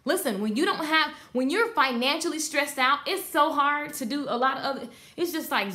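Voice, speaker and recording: A woman teaching a live online class for hairstylists, talking straight to her viewers in an emphatic, animated way and reading out their comments. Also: high voice, normal speed, few pauses. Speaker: beauty business coach.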